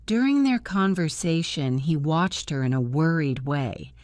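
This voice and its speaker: Slow, low-voiced woman narrating a story. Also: animated, darkish tone, dry recording, clean studio sound. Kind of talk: slow graded reader narration for learners.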